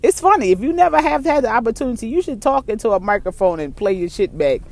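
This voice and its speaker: A solo vlogger with a mixed Baltimore and New York accent, talking in a casual, rambling monologue. They are candid and profane, laugh often, and repeat phrases as they think out loud. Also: medium pitch, expressive, fast. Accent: Baltimore and New York blend.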